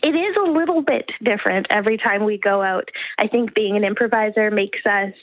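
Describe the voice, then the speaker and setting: A woman's voice: medium pitch, brisk, slight background noise. A woman, a guest performer answering questions in a friendly, upbeat way in a live radio interview. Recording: tinny phone-like line.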